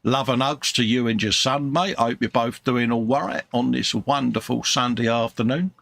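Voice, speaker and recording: A man's voice: mid-range voice, steady tone, moderate pace, vocal fry, fairly bright tone, dry recording. A man from the UK co-hosting a live stream, reading out chat messages in a chummy way and calling everyone mate. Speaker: co-host of a live model-building stream.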